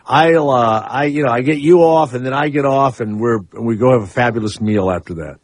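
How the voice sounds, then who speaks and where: Husky joking radio host. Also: male voice, mid-range voice, fairly quick, no room sound. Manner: brash, teasing and joking. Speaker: radio talk show host. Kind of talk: casual call-in radio banter.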